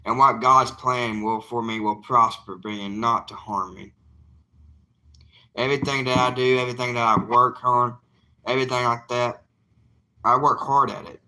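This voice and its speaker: A man's voice: medium pitch, fairly even intonation, normal speed, bright, forceful tone. A young man, an evangelist talking casually to his livestream viewers in an earnest, plainspoken, defiant way.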